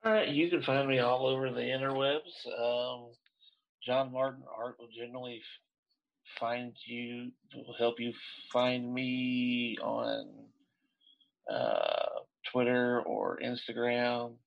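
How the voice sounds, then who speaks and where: A man's voice: mid-range voice, slow pace, gravelly, muffled recording. A man on a casual online group chat, joking in a laid-back way, on a video call. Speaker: artist and guest.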